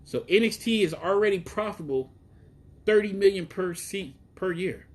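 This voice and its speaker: A man from Chicago hosting a casual live stream outdoors, talking in a profane, excitable, rambling way about wrestling. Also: high voice, moderate pace. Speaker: wrestling show host. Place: outdoors in the heat.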